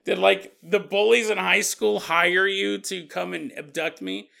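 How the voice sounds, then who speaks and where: A man's voice: sits high, animated, a little slow, vocal fry, pushed and bright, exaggerated voice. A man voicing a bewildered man abducted by aliens, complaining in confused, incredulous questions. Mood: exasperated.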